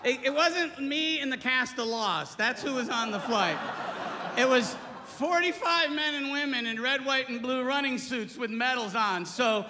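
A male stand-up comedian telling a true story on stage, animated, swearing freely and jumping into character voices. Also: very high-pitched, measured pace. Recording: reverberant club with clear background noise.

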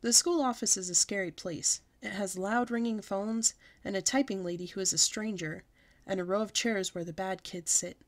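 A woman's voice: medium pitch, moderate pace. Woman reading a children's book aloud. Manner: lively, expressive storybook reading. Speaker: storyteller.

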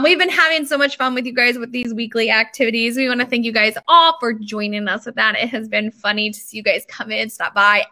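Bright, high-voiced chatty woman. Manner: chatty and upbeat, talks straight to viewers; informal, loose fillers and asides. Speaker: bakery owner hosting a live stream. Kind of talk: casual live-stream chat. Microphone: computer camera mic.

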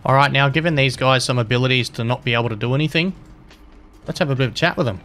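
A man's voice: mid-range voice, fast talker, fairly bright tone, faint music behind. A young man commentating his game live, cheeky and taunting, swearing freely. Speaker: gaming streamer and server admin.

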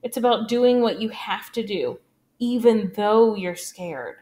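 A woman's voice: mid-range voice, lively intonation, dark tone, close to an everyday voice. A woman playing a tough, scolding big sister. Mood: firm scolding. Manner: firm, deliberate, scolding. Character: tough protective older sister, a girl.

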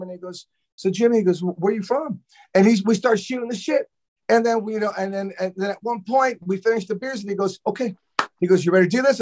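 A man with a fairly high voice tells a studio story in a loose, animated way. He swears freely and acts out everyone's lines as he goes. He is a drummer from Los Angeles, chatting as a guest. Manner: animated, profane, acts out quotes. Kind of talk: casual storytelling interview.

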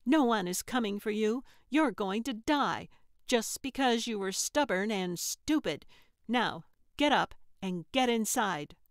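A woman's voice: mid-range voice, animated, unhurried, dry recording, studio quality. A woman voicing an angry, scornful young woman who threatens with a gun, in an audiobook. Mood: snapping threats. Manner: sharp, snapping, scornful. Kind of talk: audiobook character voice.

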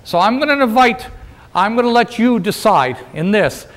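A man's voice: high-pitched, animated, moderate pace, a bit bright. A man playing a folksy 19th-century union organizer in a first-person historical role-play, joking with and addressing a live audience. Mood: jovial. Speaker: living-history presenter.

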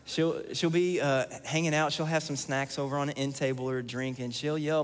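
A man's voice: on the high side, fairly even intonation, brisk, few pauses. A man preaching a sermon as pastor, earnest and repeating key lines for emphasis. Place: church sanctuary. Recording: long church hall reverb.

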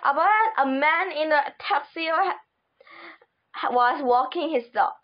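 A woman reading a children's book aloud, halting and stumbling over words. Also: high voice, expressive. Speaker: audiobook reader. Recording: dull lo-fi recording.

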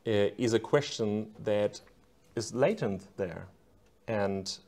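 A man discussing his own book in an academic conversation, careful and halting as he searches for words. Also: lowish voice, vocal fry, a little mellow.

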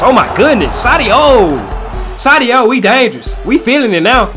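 A man giving live commentary over his own football video game match, excitable and repeating hype phrases over and over. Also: extremely high pitch, normal speed, music in the background. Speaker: gaming YouTuber.

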